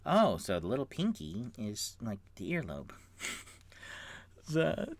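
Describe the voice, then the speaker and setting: An animated man narrating a solo tabletop game live from his room at home. His voice swings up and down with lively, bouncing pitch, and the sound is dry and close to the mic. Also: slow, dry recording. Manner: animated, rambling, talks to chat. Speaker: dungeon master and solo player.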